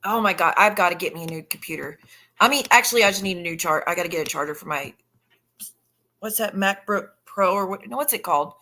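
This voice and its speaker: A woman's voice: on the low side, fast talker, sharp tone. A woman hosting a casual live stream, talking bluntly with plenty of swearing and thanking viewers in the chat as she scrolls through messages. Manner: blunt and profane, chatting with viewers while scrolling. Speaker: livestreamer.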